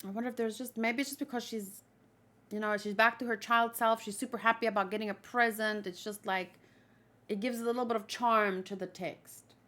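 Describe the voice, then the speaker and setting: A woman's voice: on the high side, steady tone, brisk, a bit bright. A woman hosting a manga read-along, reading aloud and chatting casually, thinking aloud with restarts as she talks.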